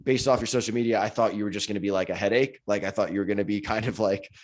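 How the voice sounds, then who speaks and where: A man co-hosting a casual podcast chat, quick and jokey, laughing easily. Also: fairly low pitch, steady tone, darkish tone, a little hiss or hum. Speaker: podcast co-host.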